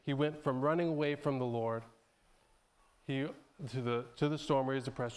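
Smooth-voiced man preaching conversationally. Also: medium pitch, fairly even intonation, moderate pace. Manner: loose and conversational, with frequent restarts and repeated words; clears his throat often between phrases. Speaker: pastor. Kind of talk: sermon retelling a Bible story.

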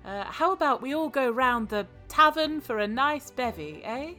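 A woman's voice: sits high, lively intonation, normal speed, bright, forceful tone, soft background music. A woman voicing a prim, whimsical lady who speaks in a genteel, mild way.

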